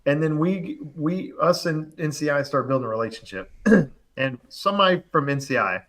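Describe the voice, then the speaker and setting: A man telling a long story in casual chat, animated and quick, full of fillers and acted-out quotes. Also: fairly high pitch. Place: live online show, remote.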